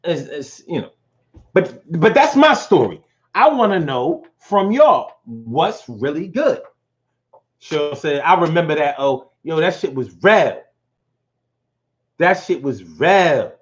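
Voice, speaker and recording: Animated man telling stories on a stream. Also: fairly high pitch, slow pace, long pauses, muffled recording. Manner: animated storytelling, profane and emotional. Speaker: host. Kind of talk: casual live-stream talk.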